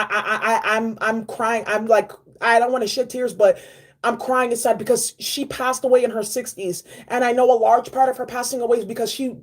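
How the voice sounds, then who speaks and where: A woman giving a casual spiritual card reading, animated and slangy, repeating key phrases. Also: on the high side, husky. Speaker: tarot and oracle card reader.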